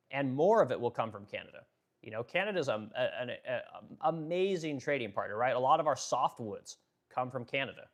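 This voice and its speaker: A young adult man from the Pacific Northwest hosting a casual livestream, reading chat and talking bluntly with profanity and lots of fillers. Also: medium pitch. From Pacific Northwest, Oregon.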